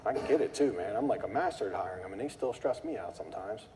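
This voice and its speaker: A man hosting a live meetup and talking casually to the group, who tells animated stories and acts out angry callers. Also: fairly low pitch, quick pace, background noise. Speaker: meetup host. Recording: long hall reverb.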